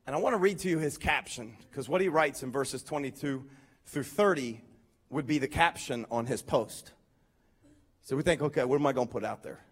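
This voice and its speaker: A pastor giving a lively, conversational sermon with emphatic points and humorous asides. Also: male voice, mid-range voice, moderate pace, slightly rough.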